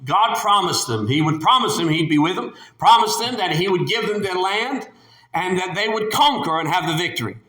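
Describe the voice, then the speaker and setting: Male preacher, high bright voice, emphatic and animated, echoey room. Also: moderate pace. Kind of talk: sermon.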